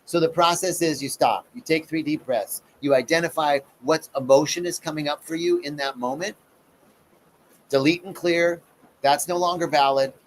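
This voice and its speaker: Middle-aged guy talking spiritual stuff live, kinda higher voice, little hiss behind him. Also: fairly even intonation, normal speed. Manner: conversational teacher, acts out voices in his stories. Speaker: spiritual practitioner. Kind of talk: live-streamed talk on personal growth.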